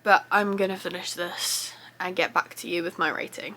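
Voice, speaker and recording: Young female book vlogger, bright and forceful tone, gushing and chatty delivery. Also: fairly low pitch, steady tone, normal speed. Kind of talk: casual reading vlog updates.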